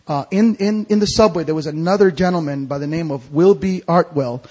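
A husky man with a fairly high voice preaches in a church sanctuary. He tells his story in an animated way, dropping to near a whisper and then rising, and he acts out the voices of the people in it. He sounds like an evangelist carried along by his own tale. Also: fairly quick. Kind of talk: storytelling sermon.

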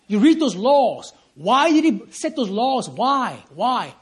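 Man, preacher, sermon, high voice, husky, emphatic, repeats himself, calls for amen. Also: very animated, slow pace. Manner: emphatic, repeats lines and asks "Amen?" for response; stumbles and restarts phrases in bursts of feeling. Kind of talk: sermon at a prayer meeting. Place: church service.

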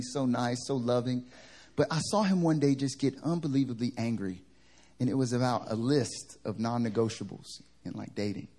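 A man's voice: mid-range voice, darkish tone. A man preaching a sermon at a church service. He tells stories in a conversational way that builds to fervent preaching.

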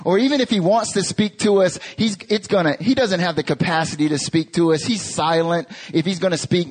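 A man in his thirties from North Carolina, a pastor preaching a sermon with lively storytelling and rhetorical questions. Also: on the high side. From North Carolina, USA.

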